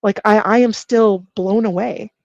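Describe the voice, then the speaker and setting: A woman's voice: mid-range voice, a little slow, dry recording, lo-fi sound. A middle-aged woman telling a story in casual livestream chat, acting out what people said, with frequent restarts. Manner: animated, acts out quoted dialogue with repeated restarts.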